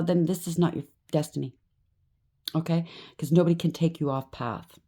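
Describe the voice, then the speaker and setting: Low-pitched woman, tarot reader addressing viewers, conversational, frequent "okay?" check-ins. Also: normal speed, dark tone. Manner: acts out quoted voices with sudden rises. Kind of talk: tarot card reading for viewers.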